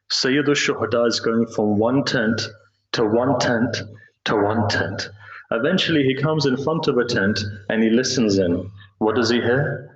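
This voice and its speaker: A man reciting a slow, grieving Muharram sermon in a mosque, telling a story with quoted speech. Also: medium pitch. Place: mosque hall. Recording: roomy, dull hall recording.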